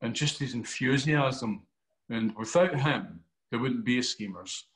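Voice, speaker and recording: A Glaswegian actor telling an animated interview anecdote, acting out quotes and swearing freely. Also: male voice, medium pitch, measured pace. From Scotland.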